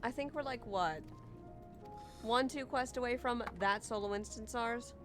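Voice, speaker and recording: A woman's voice: a little high, unhurried, music in the background. A young woman streaming a game and chatting with friends, playful, laughing often and swearing freely. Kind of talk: casual chat while gaming.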